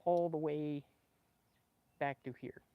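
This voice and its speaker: A man livestreaming casually from his backyard with a small clip-on microphone, excitable and joking with his viewers. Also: on the high side, takes it slowly, smooth, no echo, narrow, tinny audio. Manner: excitable, laughing, swearing, chatting with viewers. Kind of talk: casual live stream chat. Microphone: small clip-on microphone with a phone.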